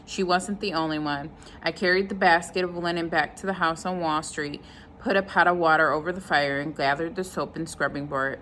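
A woman reading a novel chapter aloud at an unhurried pace, now and then stopping to comment on the story. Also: deep voice, a bit bright, a little hiss or hum, low-quality recording. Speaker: reader.

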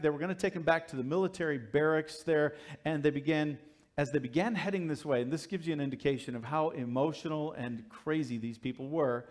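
Male pastor, high voice, animated sermon storytelling that shifts from loud emphasis to hushed asides. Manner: storytelling, acting out the crowd and characters in quick asides; swings from loud emphasis to quiet low asides.

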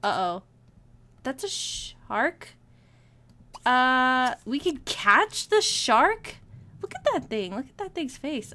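A woman casually commenting on her gameplay as a let's play host, excitable and chatty, often laughing and gasping and talking to her game characters. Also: high-pitched, slow.

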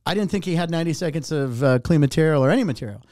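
A middle-aged man, a comedian and warm-up host, telling an animated, profane story and acting out other people's lines. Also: a little high, very fast, dry recording, clean studio sound. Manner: animated, profane, acts out other voices in anecdotes. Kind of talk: casual storytelling.

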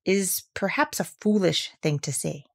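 A woman's voice: on the low side, animated, unhurried, gravelly, full character voice. A woman voicing a small, timid male piglet who talks nervously and fidgets.

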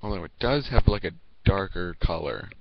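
A teenage boy talking casually to the camera as a video reviewer, rambling and halting, with lots of fillers and restarts. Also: deep voice, expressive, vocal fry, no echo. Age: teens. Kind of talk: casual vlog talk to camera. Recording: dull lo-fi home recording.

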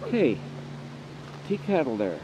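A man casually narrating to a camera outdoors in the woods, chatty and unhurried as he sets up his gear. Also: a little high, wildly swooping pitch. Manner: chatty, unhurried, talks to camera while working. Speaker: outdoor vlogger. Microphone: camera mic on a small tripod. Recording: dull lo-fi outdoor recording with clear background noise.

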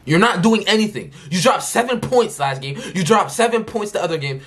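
A young man reacting live with a lively, animated voice that jumps all over. His voice sits fairly high, and he bursts into loud, mocking outbursts. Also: a little fast, slightly rough. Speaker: reaction video host.

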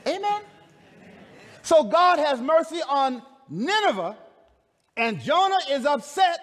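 A man's voice: very high-pitched, big pitch swings, slow pace, pauses often, a bit bright. A man preaching a sermon in a dramatic, conversational way, calling out to his congregation. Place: large camp meeting hall. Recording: long reverb of a large hall.

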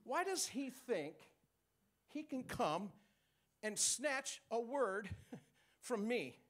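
A man's voice: extremely high pitch, big pitch swings, extremely slow, fairly bright tone. A man preaching a sermon, teaching with call-and-response and chuckles.

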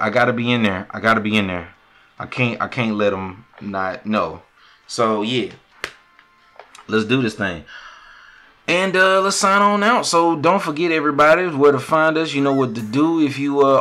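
A man's voice: medium pitch, a bit bright. A man hosting a podcast, wrapping up the episode in a loose, rambling, slangy way. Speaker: podcast host. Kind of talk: casual podcast sign-off.

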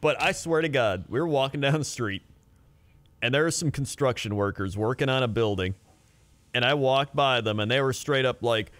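A man's voice: mid-range voice, moderate pace, fairly bright tone, dry recording. A man hosting a live stream, chatting casually while reacting to a video, telling stories and swearing freely. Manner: chatty, swearing, tells anecdotes. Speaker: streamer host.

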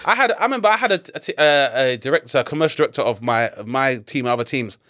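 In a casual interview, this London-born comedian in his forties spins stories at a very fast clip, his male voice sitting at medium pitch. He has a London accent, laughs constantly, and swears often with animated energy.

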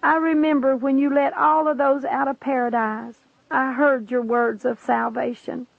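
Woman reading a desperate, pleading damned woman, gravelly voice, tinny line. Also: sits high, flat delivery, moderate pace, no echo. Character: damned ancient woman, a pleading tormented witch.

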